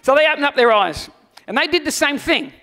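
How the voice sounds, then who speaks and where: High, bright-voiced Australian pastor. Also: male voice, fairly quick, in a large hall. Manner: animated storyteller, dropping to a quiet, earnest tone for the message. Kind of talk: sermon with personal storytelling.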